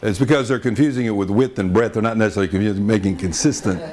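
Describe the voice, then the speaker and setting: A man's voice: on the low side, rapid-fire, darkish tone. A man from Texas with a Texan accent, telling folksy anecdotes in a wry, good-humored way and chuckling often. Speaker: storyteller.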